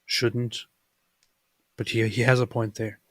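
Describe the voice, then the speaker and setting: A deadpan man co-hosting a casual livestream, his voice mid-pitched and plain. He speaks dryly, stumbling into restarts before landing his point. The sound is close, with no room echo. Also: slow pace. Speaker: co-host.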